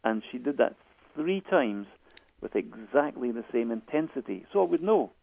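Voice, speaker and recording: A man's voice: medium pitch, sing-song, moderate pace, creaky, no room sound. A man, a guest author, telling stories in a hesitant way, repeating and restarting his words often. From Scotland. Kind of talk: phone interview storytelling. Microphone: phone. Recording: tinny phone line.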